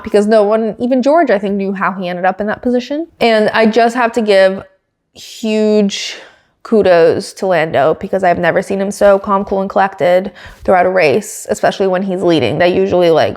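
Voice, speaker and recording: A woman hosting a podcast, recapping a race in a casual, excitable way with lots of filler words. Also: medium pitch. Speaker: podcast host.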